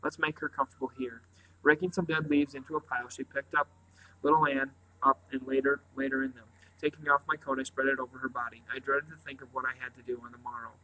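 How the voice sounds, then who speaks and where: A man reading a novel aloud in a quiet, earnest way, stumbling now and then. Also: mid-range voice, flat delivery, fast talker, slight background noise, poor audio. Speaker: reader.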